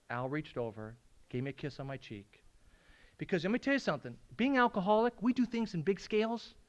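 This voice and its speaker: A man sharing his recovery story at a meeting, swinging from hushed, tearful moments to loud laughing outbursts. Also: high voice. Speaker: AA speaker. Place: meeting room at a school.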